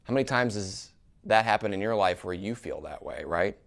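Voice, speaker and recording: A man preaching a sermon in a church. He is animated, asks the congregation questions and often adds "right?". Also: fairly low pitch, moderate pace, gravelly. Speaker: pastor.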